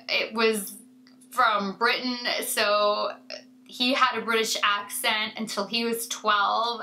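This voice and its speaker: A woman's voice: a little high, sharp tone, poor audio. A woman beauty vlogger chatting casually to her viewers in a rambling way, with many fillers and asides. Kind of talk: casual chat to camera.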